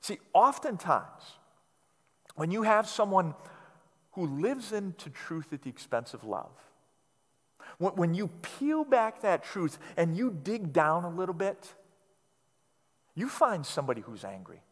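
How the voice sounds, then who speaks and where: High-voiced man preaching in a reverberant hall. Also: very animated, measured pace, pauses often, husky. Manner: emphatic and repetitive, dropping to quiet low phrase endings. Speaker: pastor. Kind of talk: sermon.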